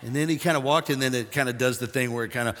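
An older man preaching a sermon, folksy and jokey, swinging from hushed asides to shouting. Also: medium pitch, very fast, big-room sound, a little hiss or hum. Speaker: pastor.

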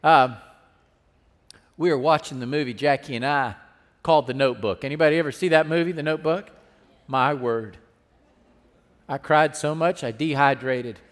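High-voiced man preaching in a reverberant hall. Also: normal speed, pauses often. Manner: preaching with call-and-response asides, swinging from hushed to loud. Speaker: pastor. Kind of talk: sermon.

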